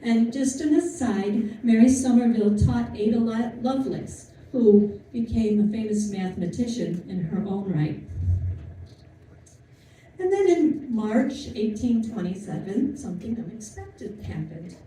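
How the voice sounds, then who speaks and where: A woman's voice: fairly high pitch, expressive, unhurried, warm tone. A woman giving an informal history talk to an audience, chatty and storytelling, with asides and fillers. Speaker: lecturer. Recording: distant mic in an echoey room with faint noise.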